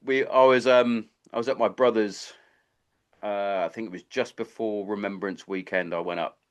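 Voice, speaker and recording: A man with a fairly low voice hosts a podcast in relaxed, casual chat. He tells long rambling stories and swears freely as he talks. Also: moderate pace, clean tone. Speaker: podcast host.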